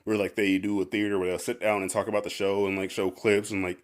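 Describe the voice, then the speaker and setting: A man's voice: on the low side, level tone, quick pace. A man hosting a casual podcast, rambling with lots of fillers and laughing often. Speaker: podcast host.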